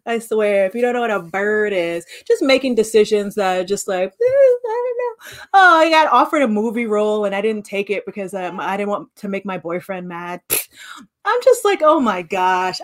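A woman in her late thirties co-hosting a podcast, telling stories in casual chat and acting out the voices she quotes. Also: medium pitch. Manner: animated storyteller, acts out quoted voices. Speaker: podcast co-host.

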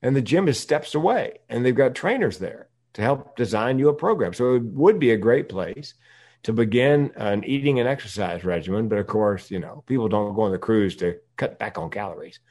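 A man's voice: on the low side, lively intonation, brisk, darkish tone. A man from the United States, a podcast guest, talking candidly in casual conversation and laughing often while telling stories.

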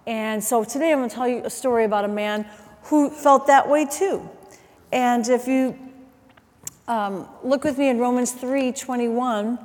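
A middle-aged woman preaching a sermon, chatty and animated, telling stories with asides and quick self-corrections. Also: fairly high pitch, big-room sound. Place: church auditorium.

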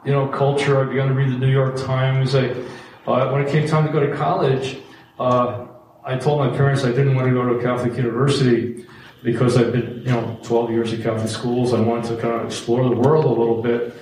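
A man's voice: mid-range voice, little pitch movement, brisk, darkish tone, a little hiss or hum. Man telling his story in an echoey hall. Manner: conversational, self-deprecating, many fillers. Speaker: speaker giving testimony. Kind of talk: personal faith testimony. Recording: very echoey room, distant mic, faint ambience.

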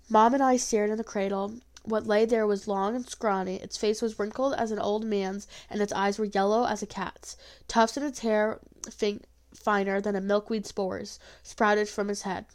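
A woman reads a folk tale told in the first person at normal speed, her mid-range voice expressive despite a few small slips and restarts.

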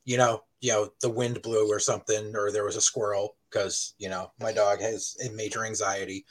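A man telling a story on a casual podcast, animated and swearing freely. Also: fairly low pitch, moderate pace, rough recording. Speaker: podcast co-host.

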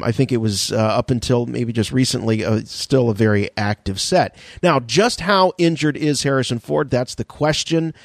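A man's voice: mid-range voice, no echo, clean studio sound. A man co-hosting a podcast, joking and rambling with plenty of fillers. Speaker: podcast co-host. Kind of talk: casual chat.

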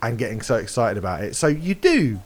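Animated man telling a gig story. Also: mid-range voice, a little fast. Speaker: podcast guest. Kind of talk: casual chat.

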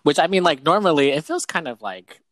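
A man co-hosting a casual chat, reading posts aloud, animated and laughing often. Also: on the high side, a little fast, no room sound. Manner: animated, laughs often, says "girl" and "you know what". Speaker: podcast co-host reading posts.

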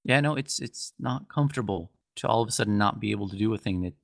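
A man's voice: fairly low pitch, vocal fry, no echo, studio quality. A man voicing an earnest male adventurer who speaks kindly and reassuringly, with small hesitations. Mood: sincere. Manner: kind, reassuring, slightly halting. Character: gentle, earnest male adventurer offering comfort.

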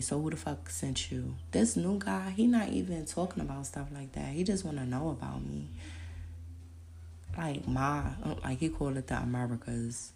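A woman's voice: fairly low pitch, gravelly, a little hiss or hum. A woman, telling her own stories in a blunt, profane monologue as a podcast host. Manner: blunt, profane, animated storytelling. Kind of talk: casual monologue.

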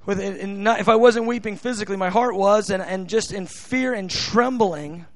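An American preacher delivers a sermon in a fairly high voice, halting and restarting often before swelling into shouted, impassioned prayer. The recording is dry and close, with little room sound.

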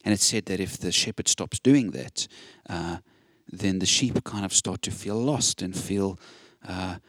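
A man's voice: deep voice, unhurried, a bit bright, dry recording. A man preaching a sermon, earnest and encouraging, quoting scripture with emphasis.

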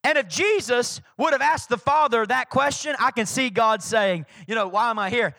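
A man preaching a sermon as pastor, emphatic and animated, repeating his key lines. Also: very high voice, moderate pace, creaky, dry recording.

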